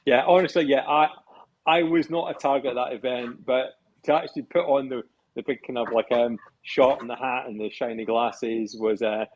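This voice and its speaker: A man's voice: mid-range voice, fairly even intonation, moderate pace, dull audio. A man chatting casually on a podcast about running an event, often repeating himself as he starts sentences. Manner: rambling, repeats words when starting sentences. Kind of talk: casual chat.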